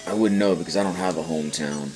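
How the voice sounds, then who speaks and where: A man with a deep voice and fast delivery hosts a let's play, reading the game's dialogue aloud and adding dry asides. Faint game music plays behind him.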